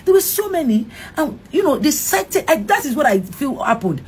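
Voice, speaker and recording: A woman's voice: sits high, moderate pace. A middle-aged Nigerian woman, an actress, telling an emotional story in an interview, acting out what others said and restarting often. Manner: animated, acts out quoted dialogue, frequent restarts.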